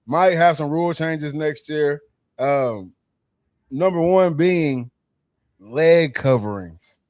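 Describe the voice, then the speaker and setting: A man co-hosts a sports podcast in a laid-back way, stirring up his listeners about giveaways. His voice sits a touch high. The sound is close and dry with no room echo. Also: slow, darkish tone. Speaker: podcast co-host. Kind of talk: casual podcast chat.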